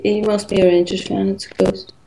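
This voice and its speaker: A woman's voice: medium pitch, little pitch movement, fairly quick, creaky, mellow, slight background noise, rough recording. A woman with a Northern Irish accent calling in to a show, blunt, joking and swearing casually. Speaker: caller. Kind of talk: casual call-in chat.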